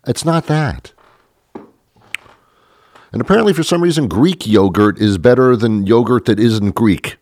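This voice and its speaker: A man's voice: fairly low pitch, expressive, fairly quick, hardly any pauses, a little mellow, dry recording, clean studio sound. A man giving a rambling, sarcastic comedic rant to the camera, stammering through restarts.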